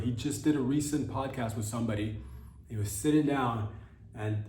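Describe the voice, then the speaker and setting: A man's voice: mid-range voice, fairly even intonation, a little fast, a little mellow, reverberant, far from the mic. A man hosting a comedy podcast, rambling and interrupting himself as he goes. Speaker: podcast host.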